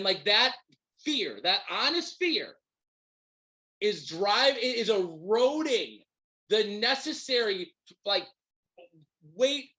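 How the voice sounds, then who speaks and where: On his podcast, a man delivers a heated, profane, animated rant about his football team, the sort of commentary an angry sports fan gives. His voice is high-pitched, captured on a low-quality recording.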